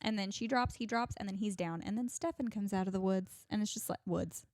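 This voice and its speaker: Woman, podcast co-host, casual recap chat, animated quoting of characters, dry close sound. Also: mid-range voice, dry recording. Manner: animated, acts out characters' lines in quick asides.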